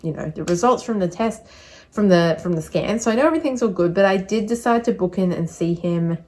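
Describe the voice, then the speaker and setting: Young woman vlogging at home, kinda low voice, breathless and rambly, lots of ums. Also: animated, fairly quick, darkish tone. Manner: chatty, rambling with many fillers. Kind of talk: casual vlog update.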